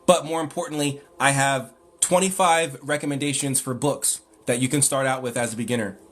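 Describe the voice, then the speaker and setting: A man's voice: medium pitch, fairly even intonation, fairly quick. A man hosting a live stream, lecturing emphatically and with exasperation as he answers chat.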